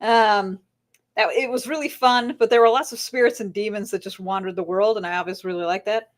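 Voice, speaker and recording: A woman author being interviewed, telling lively anecdotes with frequent laughter and acted-out voices. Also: mid-range voice, fairly quick. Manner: animated storyteller, laughs often, acts out voices in anecdotes. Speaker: author guest. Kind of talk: casual interview chat.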